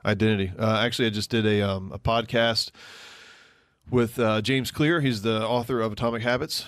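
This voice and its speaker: A man's voice: lowish voice, steady tone, moderate pace, a bit bright, no echo, clean studio sound. A man co-hosting a podcast, chatting casually and rambling a bit with ums and restarts. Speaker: podcast co-host.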